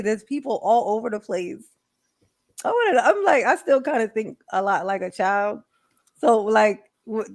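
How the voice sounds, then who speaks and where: A woman live streamer, chatting casually with viewers, rambling and laughing often. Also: a little high.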